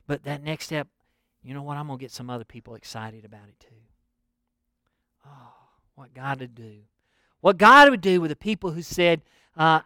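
A middle-aged preacher with a high, clean voice, delivering a sermon in a folksy, animated storytelling way. The sound is dry and close, with no room around it. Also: male voice, brisk, no room sound.

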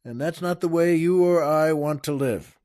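A man's voice: on the high side, moderate pace, a little mellow. Folksy man telling a rambling joke. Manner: folksy, repetitive, chuckling. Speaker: host.

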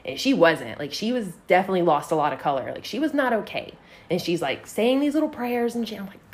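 A woman's voice: medium pitch, lively intonation, fast talker. A young woman from Texas telling a story in casual, profane chat and acting out the voices in quotes.

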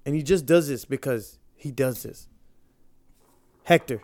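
Hoarse, laid-back young man. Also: medium pitch, measured pace, no echo. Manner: relaxed, joking, swears freely. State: hoarse, worn-out voice. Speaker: podcast co-host. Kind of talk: casual chat.

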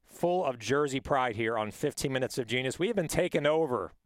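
A man hosts a podcast in an easy, joking way and ribs his producer as he goes. His voice sits at an ordinary pitch. The recording is dry and close, with no room sound. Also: animated, a little fast, no room sound. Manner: joking, teasing banter. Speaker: podcast host. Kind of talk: casual podcast chat.

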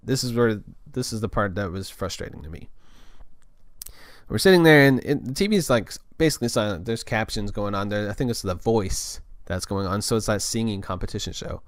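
A man's voice: fairly low pitch, fairly quick, dry recording, clean studio sound. A young man telling a casual story in a loose, rambling way, full of restarts and filler words.

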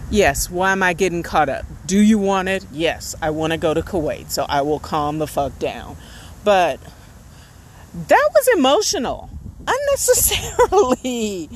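A young adult woman talking in a casual, self-deprecating video diary, shifting from hushed asides to excited storytelling. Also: deep voice, moderate pace, hardly any pauses. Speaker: vlogger. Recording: faint background noise.

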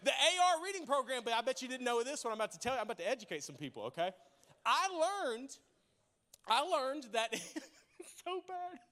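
High-voiced man preaching a lively sermon. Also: fairly quick. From Arkansas. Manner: lively, humorous, laughs often, addresses congregation directly. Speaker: pastor. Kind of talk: sermon with storytelling. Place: church.

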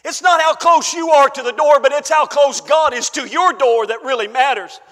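High-voiced preaching man, echoing church. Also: moderate pace. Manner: emphatic preaching, swings from shouted peaks to hushed asides; calls out to the congregation. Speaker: pastor. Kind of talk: sermon. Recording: long church-hall reverb.

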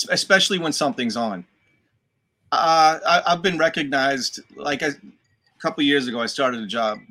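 A man from Boston with a light, worked-down local accent, talking in an easy, animated way. His voice rings bright and forward. He swears freely as he tells stories. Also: mid-range voice. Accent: Boston, softened. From Dorchester, Boston. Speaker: guest actor. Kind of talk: casual podcast chat.

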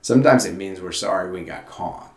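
A man's voice: deep voice, fairly quick. A man preaching a sermon as pastor, in an earnest, conversational way with frequent restarts. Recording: roomy echo.

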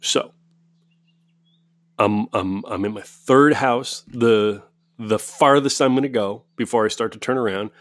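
An American man telling a story alone in a home studio, profane and animated, ranting and swearing as he goes. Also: on the low side, measured pace, no echo. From United States. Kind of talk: casual storytelling monologue.

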